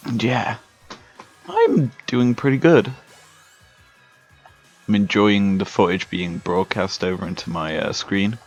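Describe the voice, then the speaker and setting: A young British man giving relaxed, chatty commentary while playing a video game. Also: fairly low pitch. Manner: slow, laid-back, chatty. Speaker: Let's Play host. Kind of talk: casual gameplay commentary. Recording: dull lo-fi sound with faint music.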